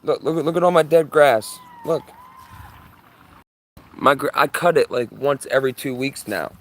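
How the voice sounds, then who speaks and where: An excitable man talks outdoors in his yard at a middle pitch, filming live on a handheld phone. His talk is urgent and full of repeats as he keeps pointing things out. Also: measured pace. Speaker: livestreamer. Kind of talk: live sky-watching commentary.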